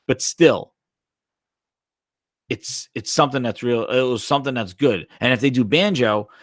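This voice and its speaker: Hosting a casual gaming livestream, a man rambles and swears as he responds to chat, animated and profane. His mid-range voice moves at normal speed in a clean studio recording with no room sound.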